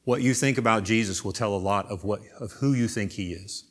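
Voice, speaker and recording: Male preacher, conversational sermon, soft asides and emphatic reading. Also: on the low side, brisk. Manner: swings between soft intimate asides and loud emphatic scripture reading.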